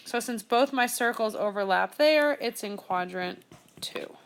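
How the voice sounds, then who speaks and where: A young woman with a gravelly edge and a somewhat high voice teaches math, working each step aloud. She speaks in a steady, explanatory way, like a recorded classroom lesson. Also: unhurried.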